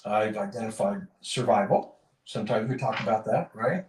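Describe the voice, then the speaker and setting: Brief: podcast host, rambling and self-correcting, echoey room, mic far off. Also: male voice, fairly low pitch, moderate pace, darkish tone, slight background noise. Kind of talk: casual chat and joke telling. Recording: roomy, distant mic.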